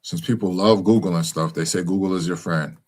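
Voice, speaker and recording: A man's voice: low voice, moderate pace, a little mellow. A young man talking to his followers in a casual, rambling monologue, full of fillers and restarts. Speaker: commentator speaking to his followers.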